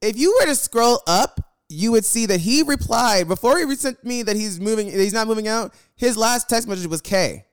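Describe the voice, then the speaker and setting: A man's voice: sits high, animated, normal speed, few pauses, smooth. A young man telling viewers a storytime rant about his roommate, exasperated and profane, repeating phrases for emphasis. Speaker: vlogger.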